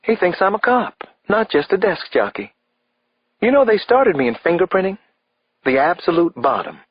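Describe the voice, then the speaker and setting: A male narrator voicing a droll female FBI analyst with a deadpan, wry delivery, his voice raised. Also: on the low side, normal speed, breathy edge, dry recording, voice pushed up. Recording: slightly dull, dry audiobook recording.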